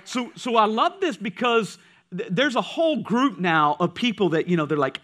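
Man, pastor, sermon, loud then hushed, high voice. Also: moderate pace. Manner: lively preaching, swings from loud to hushed. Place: church.

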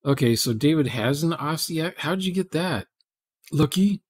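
A man's voice: on the high side, expressive, moderate pace, slightly rough. A man, casually chatting with viewers during a live programming stream, rambling and thinking aloud.

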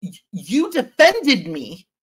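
A man as an interview guest, retelling a personal story in an animated, intense way with sudden loud bursts. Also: very high voice, slow, husky.

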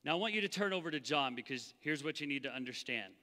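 Pastor, male, high and very bright voice, animated sermon, church hall reverb. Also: fast talker. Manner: animated, acts out the Bible voices. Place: church sanctuary.

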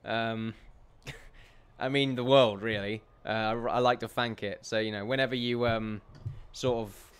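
A man giving rambling gameplay commentary, chatty and self-amused, who often laughs and calls his viewers ladies and gentlemen. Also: mid-range voice, fairly even intonation, unhurried, smooth. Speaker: let's play commentator.

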